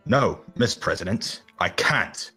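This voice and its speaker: A man with a New Zealand accent voicing a calm, stubborn young man in an amateur fan-fiction reading, with a flat, matter-of-fact delivery. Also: fairly low pitch, takes it slowly, husky, faint music behind, heavily acted.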